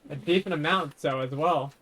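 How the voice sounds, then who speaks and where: Bright-voiced man commenting on a game. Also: a little high, moderate pace. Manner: chatty, self-mocking asides. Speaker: game streamer. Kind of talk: casual gameplay commentary.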